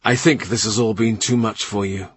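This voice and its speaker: Field: audiobook. Figure: calm shrewd older statesman, as a male reader puts him on. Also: lowish voice, slightly rough. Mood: measured. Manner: quiet, measured, dryly amused.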